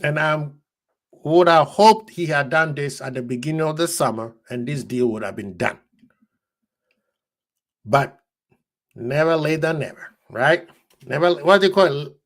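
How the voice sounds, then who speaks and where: A man hosting a football fan live stream, talking casually and excitedly to his chat, laughing often. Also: fairly high pitch, measured pace, long pauses.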